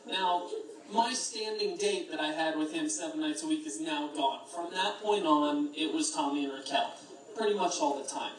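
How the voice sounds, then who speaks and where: A man's voice: fairly high pitch, normal speed. A young man gives a best man's toast at a wedding reception, rambling through anecdotes and chuckling at his own jokes. He is picked up from far off in a very echoey hall.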